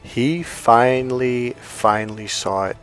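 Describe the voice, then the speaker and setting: A man's voice: medium pitch, slow pace, a bit bright, faint music behind. Blunt, swearing male dating coach. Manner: blunt, emphatic, swears freely. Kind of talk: storytelling monologue to camera.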